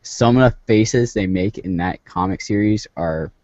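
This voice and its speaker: A man's voice: lowish voice, a little slow, a little mellow, no room sound, highs cut off. A man co-hosting a gaming podcast, eagerly recommending comics in a casual chat. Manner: enthusiastic recommending. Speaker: podcast co-host.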